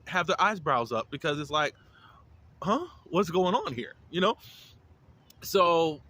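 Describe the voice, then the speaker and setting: A man's voice: on the high side, bright, forceful tone. A man giving a casual, opinionated recap of a TV episode, with lots of fillers and restarts. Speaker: reality TV reviewer.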